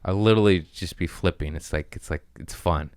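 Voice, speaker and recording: A man hosting a comedy podcast, riffing in a rambling, crude way with sudden loud bursts. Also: low-pitched, a little fast, smooth, no room sound, clean studio sound. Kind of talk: casual comedic rant.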